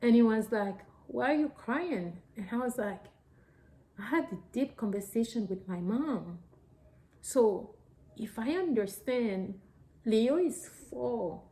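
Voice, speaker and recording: A woman's voice: a little high, slow pace, warm tone, poor audio. A woman, a mother of young children, talking earnestly and emotionally to her viewers in a personal vlog, in simple, loosely phrased English. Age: adult parent of young children. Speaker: mother sharing a personal story.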